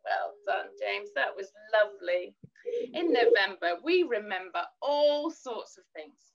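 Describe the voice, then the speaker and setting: A woman leading a gentle children's worship lesson, teaching in a soothing sing-song voice and singing simple lines for children to repeat. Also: medium pitch, expressive, a little slow, vocal fry. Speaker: children's church leader. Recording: dull lo-fi recording.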